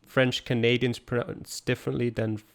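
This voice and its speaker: A male co-commentator walks through a player's moves calmly, in an explanatory tone. His voice sits at an ordinary middle pitch. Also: moderate pace. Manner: calm, explanatory. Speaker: esports co-commentator. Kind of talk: analytical color commentary.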